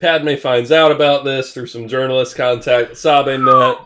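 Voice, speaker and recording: A young man on a podcast walks through a story in a loose, rambling way, with filler words and quick side comments. His pitch is a normal middle range for a man. The talk is relaxed and friendly. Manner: rambling plot summaries with quick asides. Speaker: podcast co-host. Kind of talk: casual chat.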